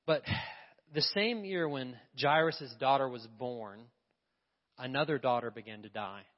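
Preaching in a church sanctuary, a male pastor speaks emphatically at a mid-range pitch and in an unhurried way, often directing questions at the congregation. A long reverb carries his voice through the space. The recording comes across as somewhat dull and lo-fi.

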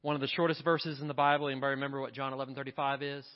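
A pastor preaches an impassioned sermon in a church sanctuary, building toward repeated refrains, his mid-range voice racing along in a flat delivery. The audio is dull, with a long hall reverb.

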